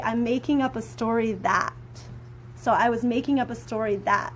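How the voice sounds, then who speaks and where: A woman's voice: a little high, slight background noise. A woman chatting casually in a live stream, rambling with lots of fillers, teaching about communication. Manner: rambling, filler-heavy, conversational; animated when acting out quoted anger. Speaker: spiritual teacher and prayer practitioner.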